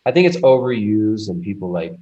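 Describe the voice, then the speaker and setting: A man talking as a guest in a casual conversation, rambling and animated, with frequent restarts. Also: on the low side, a little fast. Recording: muffled lo-fi audio.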